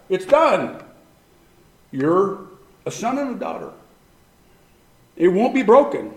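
High-voiced man preaching in an echoey room. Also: big pitch swings, takes it slowly, pauses often. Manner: emphatic preaching, swings from hushed to loud. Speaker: pastor. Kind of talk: sermon.

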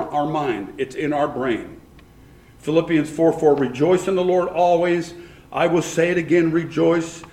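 A male pastor delivering a lively sermon, his voice sitting a little high for a man. He swings between quiet asides and loud, emphatic bursts. The sound carries the echo of a church room. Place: church sanctuary.

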